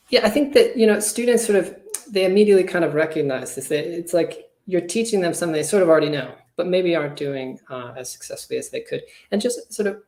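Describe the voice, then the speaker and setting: A man who trains teachers, giving an online webinar presentation in a relaxed, conversational way with a lot of hedging. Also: a little high, gravelly. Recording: roomy echo.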